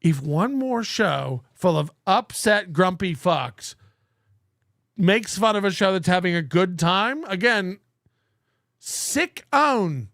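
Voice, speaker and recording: A man's voice: high voice, animated, slow, fairly bright tone, no room sound, clean studio sound. A man hosting a show, reacting to clips with sarcastic, profane commentary and frequent laughs.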